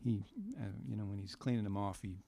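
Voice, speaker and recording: A man co-hosting a casual movie review podcast, rambling with halting restarts and fillers. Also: lowish voice, fairly even intonation, gravelly, dark tone. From Chicago. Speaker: podcast co-host.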